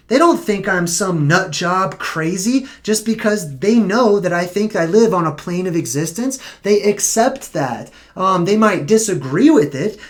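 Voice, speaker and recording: A vlogger talking casually on a live stream, emphatic and argumentative, with rhetorical questions and a pace that slows on key points. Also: mid-range voice.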